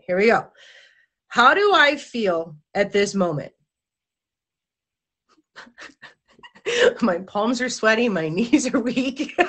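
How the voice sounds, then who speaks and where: Bright-voiced chatty woman hosting a live stream. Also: a little high. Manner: chatty, giggly, stumbles over words. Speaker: host. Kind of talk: live-stream talk show, reading viewer comments.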